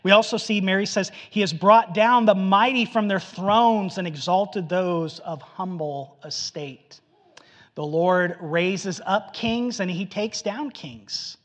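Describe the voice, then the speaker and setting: A man preaching a sermon in an animated storytelling manner, acting out the voices of the people he quotes. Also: high-pitched, takes it slowly, in a large hall. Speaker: pastor.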